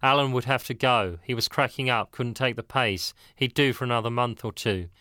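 A man reads a novel aloud in an even, measured audiobook style. His voice sits at a middle pitch with a bright, crisp edge. The recording is dry and close, with no room sound. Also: dry recording. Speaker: audiobook narrator. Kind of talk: audiobook narration.

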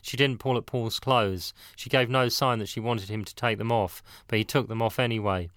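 A man narrating an audiobook in a steady, matter-of-fact reading. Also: on the low side, normal speed, no echo, clean studio sound.

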